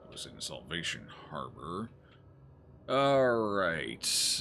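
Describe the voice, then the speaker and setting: Man, low lively voice, bright tone, faint hiss, joking game commentary. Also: slow. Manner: joking, thinks aloud, reads game text. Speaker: gaming streamer. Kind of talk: casual let's-play commentary.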